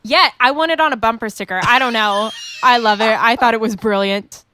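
A woman with an Indiana accent co-hosting a casual wrestling chat, playful and quick to agree. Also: on the high side, bright, forceful tone, slight background noise. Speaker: wrestling podcast co-host.

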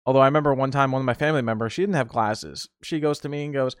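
A man's voice: medium pitch, very fast, few pauses, clear, resonant tone, no room sound, clean studio sound. Rambling man telling stories. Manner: rambling, repeats and restarts words. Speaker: podcast host. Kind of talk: casual solo storytelling.

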